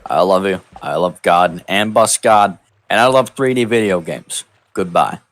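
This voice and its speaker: A man's voice: low voice, unhurried, a bit bright, dry recording. A man voicing a cheery, scheming city mayor who lays out his plan in grand, formal speech. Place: online voice call.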